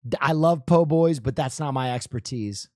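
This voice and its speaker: A young man from New Jersey riffs over a show he is watching, cursing freely and laughing as he rambles. His voice sits at an ordinary pitch and sounds dry and close, with no room around it. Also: normal speed, dry recording. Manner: loose, profane, laughing, rambling. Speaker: commentator reacting to a show. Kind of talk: casual reaction chat.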